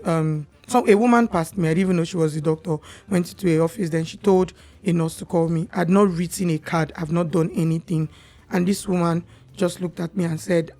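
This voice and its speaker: A young Nigerian woman with a voice on the low side appears as a podcast guest, sharing her personal story candidly and with animation.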